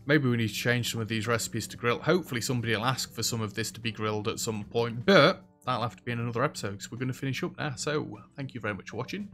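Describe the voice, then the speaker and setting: A man giving casual, chatty commentary as he plays a restaurant sim, reacting loudly to what happens in the game. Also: medium pitch, fast, hardly any pauses. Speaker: let's play host. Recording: faint background music.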